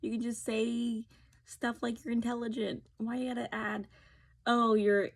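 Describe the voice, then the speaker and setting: A beauty vlogger from New Jersey speaks to the camera in a fairly high, level voice at normal speed, with vocal fry and a darkish tone. Her storytelling is casual, snarky and sarcastic, and she acts out what other people said.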